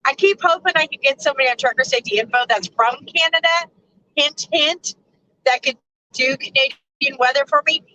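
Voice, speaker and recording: A woman's voice: sits high, a little fast, sharp tone, slight background noise, low-quality recording. A woman trucker hosting a casual live stream from her truck cab, chatting with viewers and laughing often. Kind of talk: casual live chat reading viewer comments.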